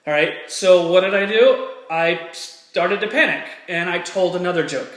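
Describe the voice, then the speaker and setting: Earnest male motivational speaker, high-pitched, emphatic and repetitive, echoey room. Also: normal speed, a bit bright. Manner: earnest, fired-up, repeats phrases for emphasis. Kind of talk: personal story and motivational talk to camera.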